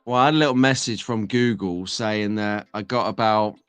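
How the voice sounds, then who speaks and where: A man's voice: lowish voice, moderate pace, a bit bright, clean tone, no room sound, faint music behind. A man hosting a casual live stream, chatting and joking with viewers, having just woken up. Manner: chatty, jokey banter with the chat. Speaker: host.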